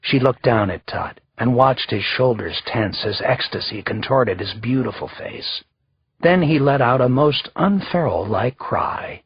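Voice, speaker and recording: Male audiobook narrator, measured delivery, very husky voice, slightly dull recording. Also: lowish voice, no echo. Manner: measured, even storytelling. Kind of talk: scripted narration.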